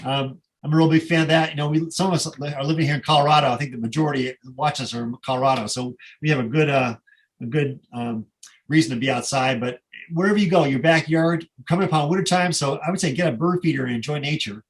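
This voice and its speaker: Man with a slightly high, chatty voice. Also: fast talker. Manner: conversational, rambling asides with many fillers. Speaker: presenter. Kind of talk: casual presentation with slides.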